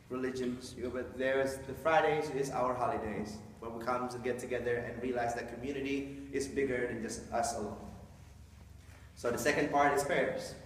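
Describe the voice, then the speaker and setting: A man's voice: medium pitch, slight background noise. A man giving an informal, joking talk to a live audience, often acting out quoted voices. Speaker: speaker explaining Islam to an audience. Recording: echoey hall from a distant mic.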